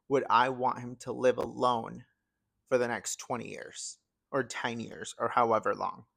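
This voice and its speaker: A man's voice: medium pitch, gravelly, sharp tone, no echo. A young man hosting a podcast alone, chatting casually and emotionally, with many fillers. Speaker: podcast host. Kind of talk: casual solo chat.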